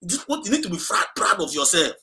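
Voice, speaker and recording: A man with a Nigerian accent addresses his livestream audience in an impassioned, exhorting way, repeating phrases for emphasis. His voice sits fairly high and sounds bright and forceful. He switches between Igbo and English mid-sentence. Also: very animated, quick pace, rough recording. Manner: urgent, repetitive, exhorting listeners. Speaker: activist livestream host.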